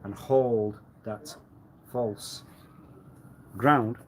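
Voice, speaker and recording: Slow, lecturing man on a live stream. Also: mid-range voice, steady tone, slight background noise, rough recording. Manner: lecturing with repeated rhetorical questions; laughs often, repeats himself. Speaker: livestreamer. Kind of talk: rambling live-stream monologue.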